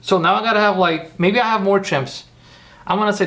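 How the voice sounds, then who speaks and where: Brief: male streamer, gravelly, pitched a bit high, rambling commentary. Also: brisk, a bit bright. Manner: thinking aloud, rambling, self-correcting. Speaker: streamer making AI videos. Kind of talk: live-stream screen-work commentary.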